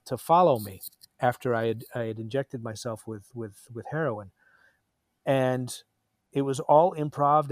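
A man in his fifties, an actor telling a rambling, animated story in a casual interview. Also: mid-range voice, no echo, studio quality.

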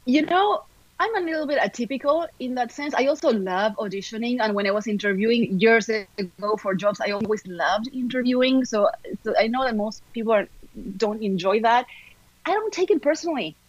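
Actress, middle-aged, upbeat chatty podcast guest, dry slightly muffled mic. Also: female voice, fairly high pitch, dry recording. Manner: upbeat, lively, talks fast in bursts. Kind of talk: casual podcast chat.

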